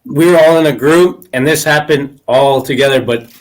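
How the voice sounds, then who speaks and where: A man's voice: medium pitch, normal speed, low-quality recording. A man on a podcast giving short reactions in casual chat, now and then adding a few comments of his own. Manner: short reactions, laughs along.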